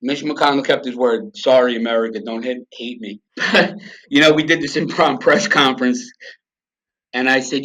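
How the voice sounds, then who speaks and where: A man's voice: mid-range voice, steady tone, normal speed, a bit bright. A man, a podcast guest telling his story in a blunt, profane, emphatic way. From New York. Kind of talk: storytelling in a conversational interview. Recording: slightly dull lo-fi sound.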